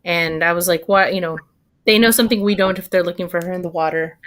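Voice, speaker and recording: A woman's voice: lowish voice, steady tone, fast talker, fairly bright tone. A woman co-hosting a livestream in casual chat, talking chattily with hesitant restarts. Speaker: livestream co-host.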